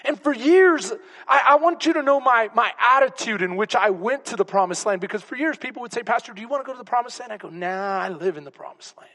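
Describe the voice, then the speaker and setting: A pastor preaching in a rather high voice, telling personal stories with open emotion and now and then dropping to a whisper. His sermon carries a long reverb, as if recorded in a big church hall. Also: animated, fast talker, bright, forceful tone. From Texas. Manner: storytelling, emotional, whispers for emphasis.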